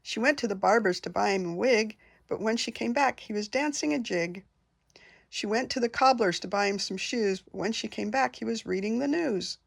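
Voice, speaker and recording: An older woman reading nursery rhymes aloud in a gentle singsong. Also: on the high side, normal speed, creaky. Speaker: storyteller.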